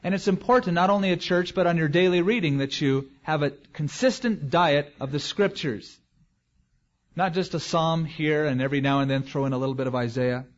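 A man's voice: a little high, brisk, lo-fi sound. A man as pastor, preaching a verse-by-verse expository sermon in a conversational way with joking asides.

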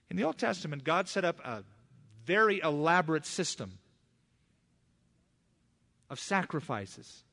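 A man's voice: a little high, gravelly, a bit bright. A middle-aged man preaching a sermon as pastor, teaching through scripture with emphatic rises in his voice.

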